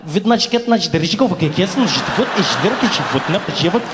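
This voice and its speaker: A man playing a shady man on the phone, in a mock Russian accent and rapid mumbled talk. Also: high-pitched, lively intonation, big-room sound, heavy background noise. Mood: scheming. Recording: live theater with audience.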